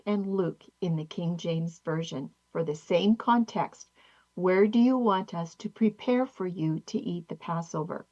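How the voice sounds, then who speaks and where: A woman narrating a Bible study lesson, reading verses and posing questions in a measured way. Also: mid-range voice, darkish tone. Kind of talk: scripted teaching narration. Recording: slightly dull lo-fi audio.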